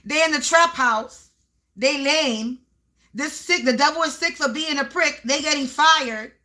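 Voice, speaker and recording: A woman gives a spiritual reading to the camera. Her voice sits high and sounds bright and forward. She talks in emphatic, repeating bursts and sometimes yells. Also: measured pace. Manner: emphatic, repetitive, breaks into yelling. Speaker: spiritual reader. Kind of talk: live tarot-style energy reading.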